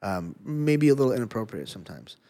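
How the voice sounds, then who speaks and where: A middle-aged man in casual conversation, an animated storyteller who swears freely and laughs often. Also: medium pitch, fairly quick. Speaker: podcast guest, former fighter.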